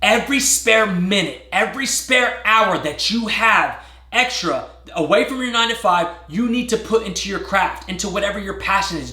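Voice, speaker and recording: Male fitness vlogger, casual and animated, bright tense tone, echoey room. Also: high voice, normal speed. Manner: animated, addresses viewers as guys, bursts of excitement. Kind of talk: casual storytelling to camera.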